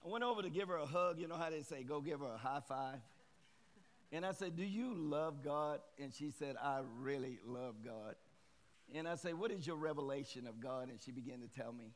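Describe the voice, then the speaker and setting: A man's voice: mid-range voice, moderate pace. A man in his fifties preaching a sermon, leading the congregation in call-and-response. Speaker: guest preacher. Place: church sanctuary.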